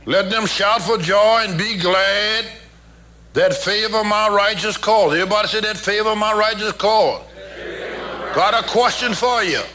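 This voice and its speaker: High, bright-voiced preaching pastor. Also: male voice, unhurried, a little hiss or hum. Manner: folksy, teasing preaching with call-and-response. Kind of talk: sermon.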